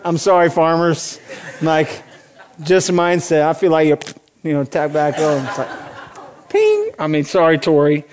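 High-voiced man preaching with passion. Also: darkish tone. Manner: passionate, swells to emphatic high peaks, playful asides. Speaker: pastor. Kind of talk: sermon.

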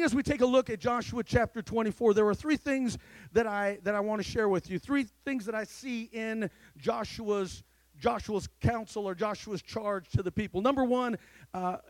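A man's voice: extremely high pitch, no room sound. An American man preaching a sermon, leading the congregation in call-and-response and often repeating words as he goes. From United States. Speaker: pastor.

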